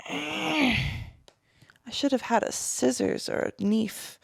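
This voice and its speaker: A woman's voice: high-pitched, extremely slow, gravelly, no echo, clean studio sound. A woman in her thirties hosting a solo podcast, chatting and laughing to herself as she unboxes products in a small room. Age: 30s. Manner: giggly, animated, talks to herself. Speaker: podcast host.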